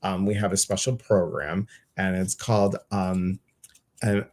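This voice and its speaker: A man's voice: sits low, steady tone, a little slow, a little mellow. Effusive male host, rambling chat. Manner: effusive, rambling, frequent fillers. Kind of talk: casual live-stream chat.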